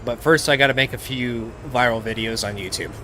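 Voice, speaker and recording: A man hosting a live game stream, talking casually in a relaxed, rambling way with lots of filler words. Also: medium pitch, slight background noise. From United States. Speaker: livestream gaming host. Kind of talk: casual live-stream chat while playing.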